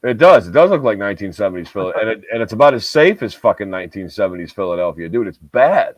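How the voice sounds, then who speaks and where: A fast-talking man with a fairly low, sing-song voice co-hosts a podcast, rambling profanely through a casual chat full of filler words. He's from New York's Southern Tier, and the recording is dull, lo-fi, and dry with no echo.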